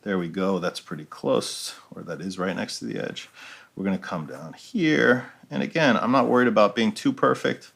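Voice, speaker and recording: A man's voice: on the low side, moderate pace, creaky, fairly bright tone. A man teaching a step-by-step painting tutorial, explaining each move as he paints and often checking in with "right?". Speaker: art instructor.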